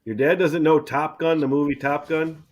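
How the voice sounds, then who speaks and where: A middle-aged man hosting a casual chat, relaxed and chatty, often repeating words as he starts a thought. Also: on the high side, moderate pace. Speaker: channel host.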